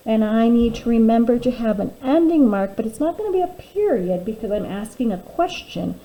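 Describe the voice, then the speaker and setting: A woman teacher giving a phonics lesson to young children, sounding out words slowly and clearly and encouraging them warmly. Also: fairly high pitch, poor audio. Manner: warm, encouraging teacher talk.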